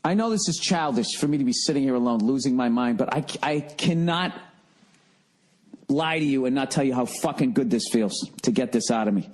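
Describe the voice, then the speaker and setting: Husky man ranting profanely. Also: mid-range voice, lively intonation, a little fast, a little mellow. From United States. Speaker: podcast host. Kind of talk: comedic rant monologue. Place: at home, alone.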